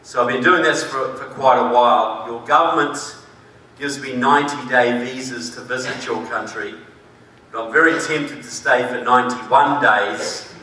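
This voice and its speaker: A man's voice: mid-range voice, pushed and bright, slight background noise. New Zealand man speaking in an echoey hall. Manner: dry humor, emphatic. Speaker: conference speaker. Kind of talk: public speech. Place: large conference hall. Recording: echoey hall, distant mic.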